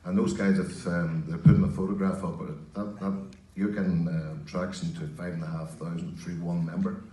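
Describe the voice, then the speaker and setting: A man's voice: deep voice, little pitch movement, moderate pace, dark tone. A man in his fifties speaking on a conference panel, hesitant, with many restarts. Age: 50s. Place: large conference hall. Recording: echoey hall from far off.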